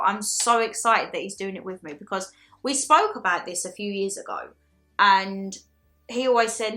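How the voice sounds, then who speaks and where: Chatty woman vlogger, about thirty, with a bright, forward tone. Excitable and talks to camera. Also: mid-range voice. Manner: excitable, chatty storytelling with many "like"s. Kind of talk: casual chat to camera.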